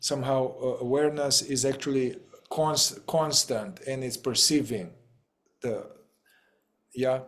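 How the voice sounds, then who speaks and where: A man's voice: mid-range voice, measured pace, fairly bright tone. A man facilitating a group talk over a video call, casual and playful, often laughing and trailing off mid-thought.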